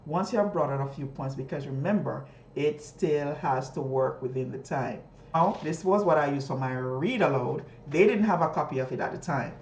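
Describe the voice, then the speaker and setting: A woman teacher explaining a reading lesson, often jumping high in pitch as she models questions to students. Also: a little mellow, slight background noise. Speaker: teacher trainer. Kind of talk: instructional talk modeling a classroom lesson. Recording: echoey room.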